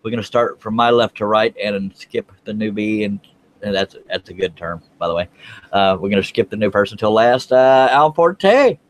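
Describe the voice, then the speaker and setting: A man's voice: fairly low pitch, steady tone, brisk. A man hosting a woodworking panel over a video call, chatty and teasing his guests. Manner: joking, teasing. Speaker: host of a woodworking panel show. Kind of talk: casual chat.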